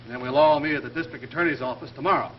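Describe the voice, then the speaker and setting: A brash, wisecracking police inspector, played by a man barks his orders in a fairly high voice with quick 1930s tough-guy banter. The sound is a dull, hissy old film soundtrack. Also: natural voice. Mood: brusque. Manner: brusque, fast-talking tough-guy banter.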